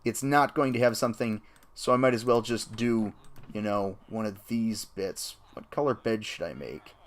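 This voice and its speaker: A man talking casually over a game stream as the host, rambling and chatty, with excited jumps in pitch. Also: normal speed. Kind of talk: casual gameplay commentary.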